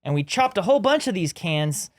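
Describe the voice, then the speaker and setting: A man co-hosting a podcast, telling stories in casual chat with lively, rambling delivery. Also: high voice, fairly quick. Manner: rambling storyteller, animated. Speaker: podcast co-host.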